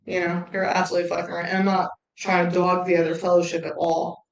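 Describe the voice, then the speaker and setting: A woman hosting a recovery talk, speaking bluntly with constant swearing and animated asides. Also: fairly low pitch, fast, creaky, reverberant, recorded from a distance, poor audio. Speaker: recovery channel host. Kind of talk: casual candid talk.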